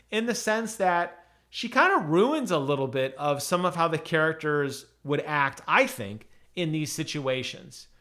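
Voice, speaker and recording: A man's voice: fairly high pitch, sharp tone. A man casually reviewing an audiobook on his channel, chatty, with many ums and restarts.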